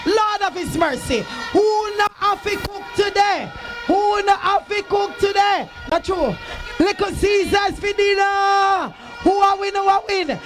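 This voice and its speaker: Very high-voiced shouting Jamaican man. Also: measured pace, music in the background. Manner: shouting, sing-song, teasing the crowd. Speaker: event emcee. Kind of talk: loud hype announcing at a school sports day. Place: outdoor school sports field.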